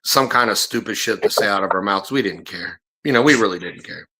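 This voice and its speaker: A man's voice: on the low side, a little fast, sharp tone. A middle-aged man, a former bounty hunter, telling profane stories on a podcast and acting out the people he quotes. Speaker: podcast host. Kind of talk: casual storytelling chat.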